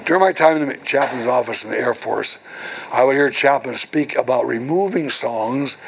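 In a church, an older male minister with a mid-range, creaky, husky voice preaches to his congregation at a normal speed, reading scripture and then explaining it. He keeps up a call-and-response style, repeating "hello" and "right" in his asides. The recording is rough.

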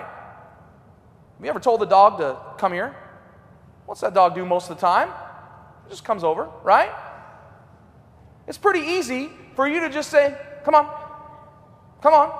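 Animated high-voiced preacher, man, booming hall. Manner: animated, swings from loud to hushed. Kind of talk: revival sermon. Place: church sanctuary. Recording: long hall reverb.

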